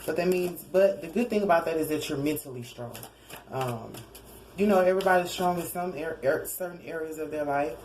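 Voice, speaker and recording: Low-voiced woman doing a chatty tarot reading. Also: a little fast, darkish tone, a little hiss or hum, rough recording. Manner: rambling, self-correcting, chuckling asides. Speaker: tarot card reader. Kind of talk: casual spoken tarot reading.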